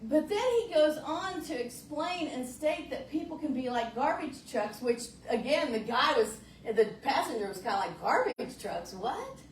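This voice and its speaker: A woman's voice: high voice, expressive, moderate pace, few pauses, slight background noise. A woman minister giving a conversational sermon in a folksy, searching way, often restarting her phrases. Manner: folksy, searching, repeats words when restarting. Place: church sanctuary. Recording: roomy church sound from a distant mic.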